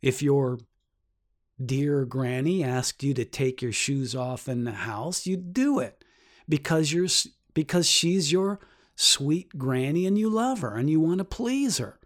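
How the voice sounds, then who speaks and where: Speaking a little slowly but in an animated way, a man leads a Bible lesson full of earnest explanation and rhetorical questions. For emphasis, his voice jumps sharply higher.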